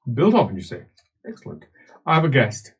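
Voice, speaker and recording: A man voicing a stern older commander who speaks in a quiet, curt, clipped way. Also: medium pitch, huge pitch swings, fairly quick, husky, full character voice.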